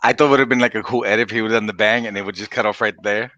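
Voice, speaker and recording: Fast, bright-voiced podcast co-host. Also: male voice, on the low side, steady tone, no echo, muffled recording. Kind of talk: casual chat.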